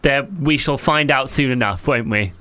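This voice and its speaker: An easygoing man hosts a radio chat show. His voice sits in a middle range. He steers the talk in a relaxed way and laughs easily. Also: medium pitch, normal speed, crowd noise. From near Portsmouth, England. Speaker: radio host.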